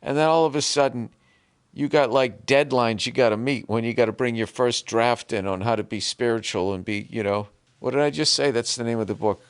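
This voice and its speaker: A man's voice: medium pitch, brisk, clear, resonant tone, no echo. A man hosting a podcast, ranting sarcastically with lots of swearing. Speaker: podcast host. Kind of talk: comedic rant.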